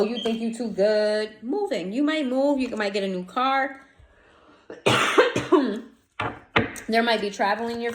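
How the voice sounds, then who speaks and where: A woman giving a casual tarot reading straight to her viewers, blunt and animated, swearing freely in slangy talk. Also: medium pitch. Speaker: tarot reader. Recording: echoey room, faint noise.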